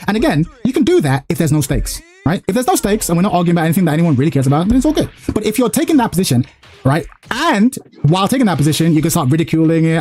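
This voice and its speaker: A young man hosting a stream, talking fast and animatedly, arguing his point and acting out quotes in casual chat. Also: fairly high pitch, sing-song, mellow. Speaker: streamer host.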